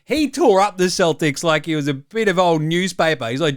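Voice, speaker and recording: An Australian man hosting comedic sports highlights, with cheeky, mocking banter. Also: expressive, brisk, smooth. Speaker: host.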